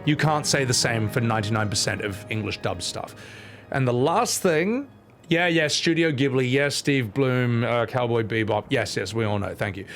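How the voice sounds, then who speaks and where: Game streamer, blunt opinionated rant, game music playing behind. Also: male voice, mid-range voice, normal speed, a bit bright. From Australia. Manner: blunt opinionated ranting with swearing. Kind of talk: casual gaming commentary.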